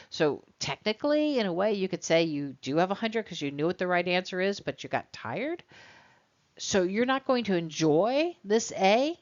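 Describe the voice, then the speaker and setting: Woman prof lecturing, chatty, plays out little student back-and-forths, lowish voice that bounces around a lot, dull lo-fi audio. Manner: conversational, acts out student exchanges. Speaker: college psychology instructor. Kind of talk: recorded lecture. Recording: dull lo-fi recording.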